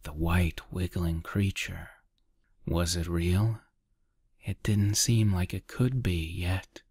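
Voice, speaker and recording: A man narrating a dark short story as a soft, half-whispered ASMR reading close to the mic. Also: sits low, steady tone, husky, dry recording. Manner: quiet, half-whispered, measured.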